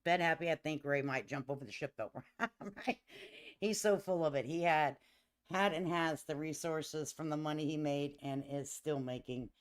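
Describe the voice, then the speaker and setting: A middle-aged woman hosting a livestream, telling stories in casual chat, laughing often, and talking lively and emphatically to her viewers. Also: deep voice, normal speed. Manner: laughs often, lively and emphatic, addresses listeners as honey and baby. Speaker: livestream host.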